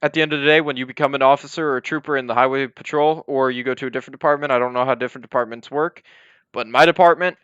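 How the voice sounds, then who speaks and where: A man's voice: medium pitch, steady tone, very fast, a bit bright, clear, resonant tone, no room sound. A young man casually walking viewers through a roleplay game server, rambling with lots of fillers and apologies. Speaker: roleplay server police department leader. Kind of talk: casual gameplay walkthrough. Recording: dry, slightly dull lo-fi mic.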